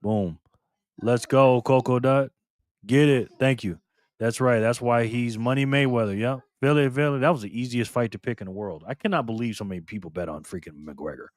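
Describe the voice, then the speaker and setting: A man's voice: medium pitch, normal speed, no echo, clean studio sound. A man hosting a casual live stream, chatting loosely with viewers by name and repeating himself.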